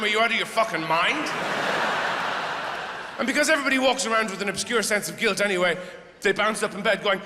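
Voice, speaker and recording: A fairly high-voiced man performs stand-up on a stage mic, wry and exasperated, his rambling asides breaking into sudden shouts. His voice rings through a large hall with long reverb, and steady background noise sits under it. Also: fairly quick, some chatter behind. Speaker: stand-up comedian. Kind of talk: stand-up routine.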